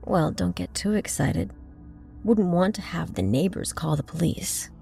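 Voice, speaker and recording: Young wife, teasing and upbeat, slight fry, voiced by a woman; faint music bed. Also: on the low side, animated, measured pace, warm tone, full character voice. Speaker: narrated story character. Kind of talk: audio drama dialogue.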